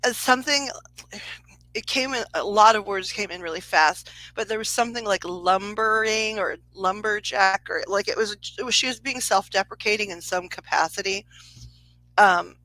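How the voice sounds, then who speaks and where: A woman's voice: mid-range voice, moderate pace, sharp tone, no room sound, poor audio. A woman psychic medium telling a story in a casual livestream reading, chatty, laughing often and swearing freely.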